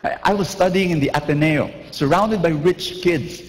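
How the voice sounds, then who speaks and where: Guy preaching, kinda high voice, long echo like a big church, acts stuff out. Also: normal speed. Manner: animated, acts out little scenes, asks the crowd questions. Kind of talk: lively sermon.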